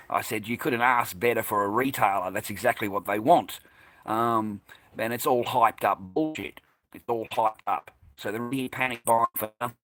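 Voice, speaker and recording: An Australian man recounts a run-in in a loose, heated monologue full of swearing and combative asides. His voice sits at an ordinary male pitch, and the sound is dry and close with almost no room echo. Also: sharp tone. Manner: profane, agitated, combative storytelling. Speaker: vlogger recounting a personal incident. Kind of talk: casual monologue.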